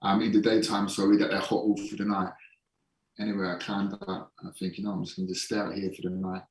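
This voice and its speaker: Recorded from a distance in an echoey room, a low-voiced man sits somewhat back from the microphone as a podcast guest. A holistic performance coach, he tells his story in a casual interview with a level tone, frankly and with some swearing, slowing down to stress key points.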